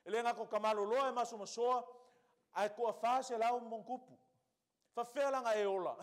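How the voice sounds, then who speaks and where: High-voiced Samoan-accented pastor. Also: male voice, brisk. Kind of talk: sermon. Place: church.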